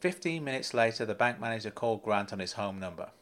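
A man narrating a story in a measured, matter-of-fact way. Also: on the low side, lively intonation, fairly bright tone. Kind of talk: storybook reading.

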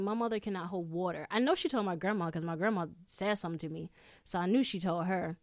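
Woman, young adult, podcast host, animated storytelling, heavy swearing, dry room. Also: on the low side, fast, no echo. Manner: profane, animated, swears freely. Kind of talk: casual storytelling chat. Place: indoor room.

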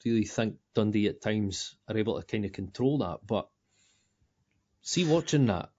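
A Scottish man co-hosting a football podcast, talking in sweary, laughing, animated banter. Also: on the low side, normal speed, dull audio. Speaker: podcast co-host. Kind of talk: casual football chat.

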